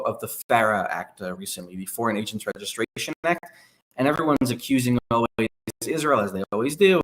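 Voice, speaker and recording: A man speaking as a guest analyst on a podcast, explaining at length in a measured way. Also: medium pitch, fairly bright tone, low-quality recording. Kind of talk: conversational podcast interview.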